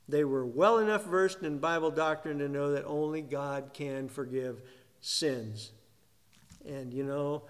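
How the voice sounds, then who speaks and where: Preaching man in a reverberant hall. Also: a little high. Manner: asks the congregation questions and answers them himself; stresses single words. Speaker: pastor. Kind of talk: sermon. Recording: long reverb of a large hall.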